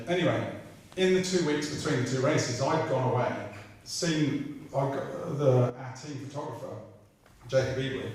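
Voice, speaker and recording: A man's voice: mid-range voice, far from the mic. Irreverent British man telling stories in an echoey hall. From Britain. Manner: irreverent, swearing, chatty storyteller. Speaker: racing driver guest. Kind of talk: comic anecdote telling at a live evening. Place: large room at a live talk event.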